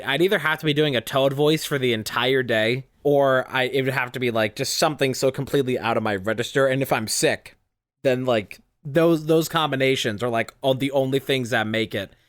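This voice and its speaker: Relaxed low chest-voice podcast host. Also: normal speed, no echo, clean studio sound. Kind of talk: casual chat.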